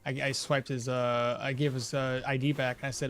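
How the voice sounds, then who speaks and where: A young man streaming a survival game, chatting loosely and telling a profane story with sudden loud outbursts. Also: medium pitch, moderate pace, hardly any pauses, soft background music. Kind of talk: casual gameplay commentary.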